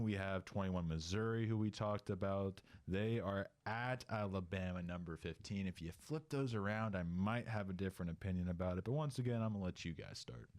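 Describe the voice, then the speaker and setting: A man hosting a casual sports podcast, running through the games in an easygoing, wry way. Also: low-pitched. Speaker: podcast host running the picks.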